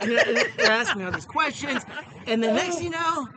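A middle-aged man and former Marine telling a story in a casual podcast chat, animated and profane, acting out the voices of the people in it. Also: very high-pitched, normal speed, creaky, noisy background.

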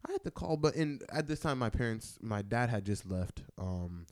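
A young man hosting a podcast, telling a story in loose, slangy casual talk. He jumps between loud bursts and low mutters, and leans on filler words throughout. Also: moderate pace. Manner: animated and slangy, leans on "like" and "bro". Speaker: podcast host.

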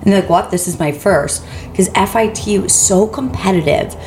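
A woman in her twenties co-hosting a casual chat, expressive, quoting herself in a higher voice. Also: normal speed, slight background noise. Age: 20s. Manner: expressive, quotes herself in high voice, laughs. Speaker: co-host.

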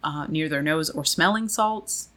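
A woman with a low voice and a forceful, bright edge talks through a story for her podcast. Her delivery is chatty and conversational as she explains things to her co-host. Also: measured pace. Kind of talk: casual explanatory podcast chat.

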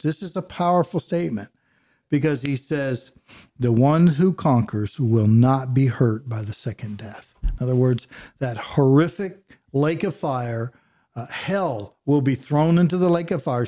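A man, a pastor and podcast co-host, teaching a Bible passage verse by verse in an earnest preaching manner that drops to a hush on solemn points. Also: medium pitch.

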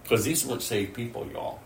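A man's voice: mid-range voice, creaky, slight background noise. A man preaching a sermon, telling stories and acting out his own prayers and other people's words. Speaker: pastor. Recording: echoey room, mic at a distance.

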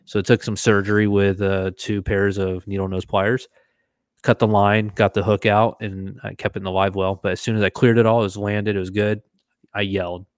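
A man co-hosting a casual podcast, telling a fishing story with lively acted-out quotes. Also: on the low side, fairly quick, dry recording, clean studio sound. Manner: animated storyteller, acts out quotes. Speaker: podcast co-host.

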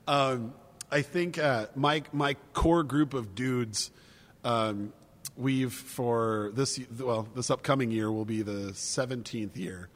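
A man's voice: medium pitch, slow. A man co-hosting a casual wine-tasting chat, rambling, swearing freely and laughing easily. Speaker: podcast co-host. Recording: long reverb.

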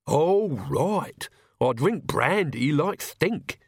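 A man voicing a haughty, grumbling male castle servant who speaks slowly. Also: a little high, big pitch swings, slightly rough, no room sound, clean studio sound, pitched above the performer's own voice, exaggerated voice.

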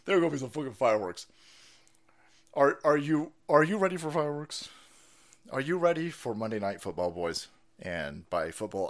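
A man hosting a livestream, reacting to clips with profane, excitable political commentary. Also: mid-range voice. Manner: profane, excitable, laughs and shouts over clips. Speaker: livestream host. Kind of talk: casual political commentary stream.

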